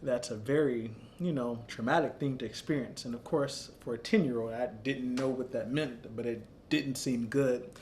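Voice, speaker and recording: A man in his thirties, founder of an arts center, telling a personal story in an earnest, reflective, measured way. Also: medium pitch, a little mellow, slight background noise.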